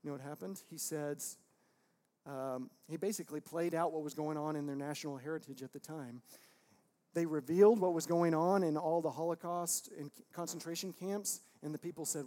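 A pastor in his thirties preaches a sermon in a church, his voice a little high and a little fast. He drops into quiet, intimate tones, then breaks into loud, emphatic outbursts.

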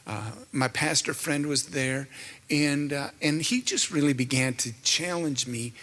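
A man's voice: a little high, animated, measured pace, a bit bright. A man giving a sermon with a personal testimony, telling his story in an earnest, emotional way. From Canada. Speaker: minister. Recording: hall with long reverb.

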